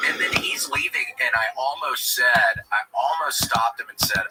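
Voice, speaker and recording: A man's voice: medium pitch, moderate pace, over music. A man in casual podcast banter, telling rambling, self-mocking stories. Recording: noisy livestream audio.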